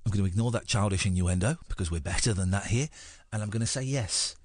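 A man's voice: on the low side, fast, darkish tone, husky, no room sound. A man with an English accent hosting a radio show, rambling and self-mocking in casual chat. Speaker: radio host.

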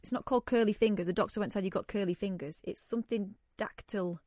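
A woman's voice: medium pitch, fast, darkish tone, no echo, clean studio sound. A woman hosting a radio show, chatting casually and reading news aloud with joking asides. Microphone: studio microphone.

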